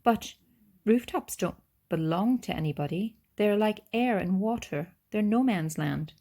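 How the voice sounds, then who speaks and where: A woman's voice: mid-range voice, expressive, a little slow, mellow, pitched above the performer's own voice. A woman voicing a stubborn young girl who fires off raised, pressing questions. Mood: indignant.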